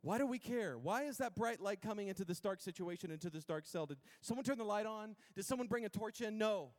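A male pastor giving a casual, conversational sermon, swinging from hushed, intimate lines to loud, emphatic ones and getting the congregation to repeat words after him. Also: sits high, lively intonation, quick pace.

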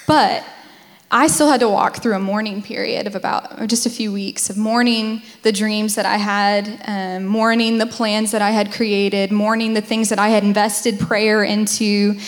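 A woman's voice: medium pitch, long reverb tail. A young woman sharing her side of a faith testimony, candid and humorous, telling it like a story. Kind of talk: personal testimony talk.

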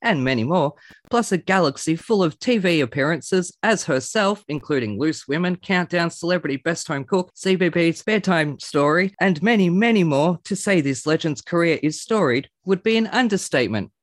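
A theatrical man hosts with a tenor that sits a touch high. He rattles through puns and wordplay with showman flair. The sound is dry and close, with no room at all. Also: expressive, moderate pace, no room sound. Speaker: podcast host. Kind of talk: pun-filled show introduction.

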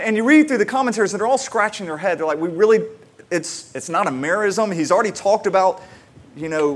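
A man preaching a conversational sermon, repeating words as he starts sentences and moving between excited emphasis and quiet, slow reflection. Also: high-pitched. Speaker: pastor.

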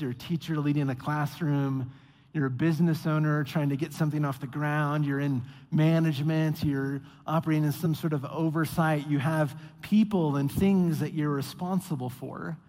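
Man, pastor, sermon, high voice, animated delivery, mock voices for quotes, long hall reverb.

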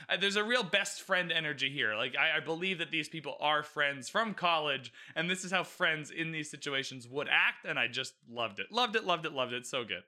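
A man talking through a book and its show adaptation in loose, animated commentary. His voice sits a little high and sounds very bright and forceful. He swears freely and keeps checking in with the listener. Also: fairly quick, hardly any pauses. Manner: animated, swearing, frequent "you know what I mean". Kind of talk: casual reaction commentary.

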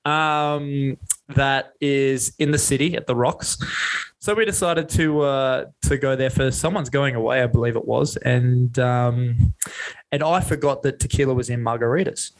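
A man's voice: medium pitch, unhurried, low-quality recording. Rambling young Australian man. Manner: rambling, self-mocking, swearing freely. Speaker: podcast co-host. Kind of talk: casual storytelling chat.

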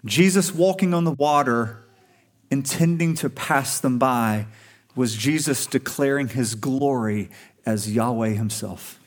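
A male pastor preaches a sermon to his congregation in a medium-pitched, unhurried voice. He sounds conversational and earnest, pushing his voice up to emphasize key points.

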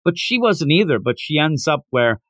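A man co-hosting a manga podcast, chatting casually and acting out character lines in quick asides. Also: on the high side, big pitch swings, a bit bright, no room sound. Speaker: podcast co-host. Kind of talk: casual chat.

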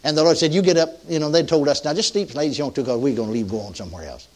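A man's voice: mid-range voice, very fast. An older man preaching a sermon, telling a story in a folksy way, with many restarts and emphatic peaks.

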